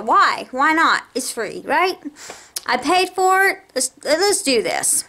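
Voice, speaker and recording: Exasperated woman with a lively, animated voice. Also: high-pitched, slow pace. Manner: heated, exasperated storytelling with raised voice. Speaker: vlogger. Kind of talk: angry personal rant to camera.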